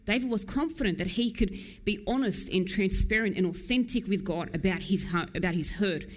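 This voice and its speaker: Earnest, emphatic woman preacher. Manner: earnest and emphatic, alternating quick passages with slow, low, drawn-out lines. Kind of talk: sermon. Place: church.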